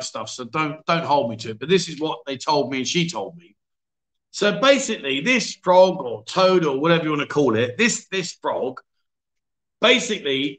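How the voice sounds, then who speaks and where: A man's voice: a little high, fairly bright tone. A man hosting a livestream chat show, telling a story in a chatty, self-mocking way and reading out viewer comments. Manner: chatty, self-mocking, full of fillers and voices for quotes.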